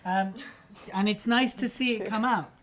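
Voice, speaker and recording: A woman trainer giving lively, direct feedback to a speaker. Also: mid-range voice, normal speed, slight background noise. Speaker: judge and trainer.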